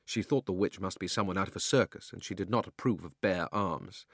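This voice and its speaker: A man narrating a chapter of a children's novel as an audiobook, with expressive storytelling. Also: low voice, a little fast, no echo. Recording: dry close studio sound.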